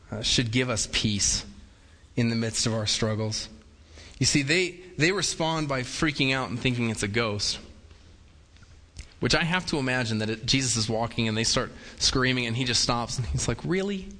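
A man's voice: mid-range voice, sharp tone. Man preaching in a reverberant hall. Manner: conversational, acts out quoted voices with humor. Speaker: pastor. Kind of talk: sermon.

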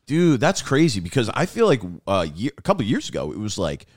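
A man's voice: medium pitch, huge pitch swings, fairly quick. A man hosting a casual podcast chat who reacts a lot and swears freely. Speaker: host.

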